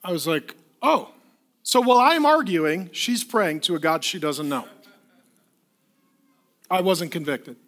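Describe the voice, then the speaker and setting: A middle-aged male pastor preaching a sermon, telling a funny personal story in an animated, self-deprecating way. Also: high-pitched, measured pace, long pauses.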